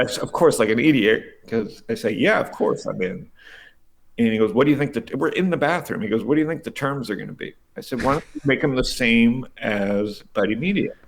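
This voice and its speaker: A middle-aged man, a venture investor, telling stories casually in an interview, animated and profane, acting out the people he quotes. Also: mid-range voice, a little hiss or hum.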